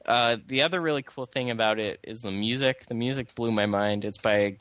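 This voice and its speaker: A young man co-hosts a casual podcast about video games, talking fairly quickly in a medium-pitched, slightly bright voice. He rambles, full of fillers and restarts.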